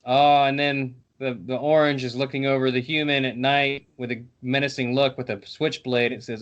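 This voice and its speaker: A man's voice: medium pitch, little pitch movement, normal speed, few pauses, a bit bright, lo-fi sound. A man hosting a podcast, chatting loosely and reading out a text-based role-playing game while swearing casually. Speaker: podcast host and game narrator.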